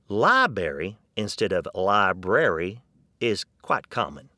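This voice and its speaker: A man from Texas with a Texan accent giving a humorous spoken essay, wry and deadpan with folksy asides. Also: lowish voice, measured pace, dry recording, clean studio sound.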